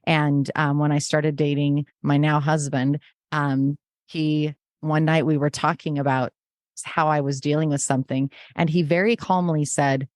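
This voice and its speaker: Middle-aged woman, low register, earnest guest, acts out past dialogue, dry close mic. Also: little pitch movement, unhurried, a little mellow, dry recording. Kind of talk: conversational interview.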